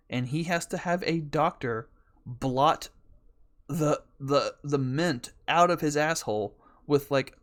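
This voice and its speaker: A man hosting a podcast, telling a rambling, profane story in a casual way. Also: on the high side. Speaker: podcast host.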